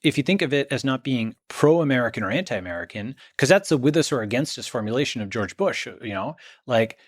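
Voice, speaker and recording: A man's voice: mid-range voice, expressive, a little fast, no room sound. Emphatic man, dry close sound. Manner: emphatic, checks in with "okay?" and "right?". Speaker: guest. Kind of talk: conversational interview.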